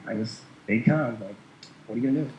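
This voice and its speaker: A man's voice: mid-range voice, fast, mellow, slight background noise. Rambling man in a roomy lo-fi recording. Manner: rambling, many fillers, chuckles while telling. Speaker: guest. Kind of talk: casual storytelling chat. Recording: roomy, dull lo-fi sound.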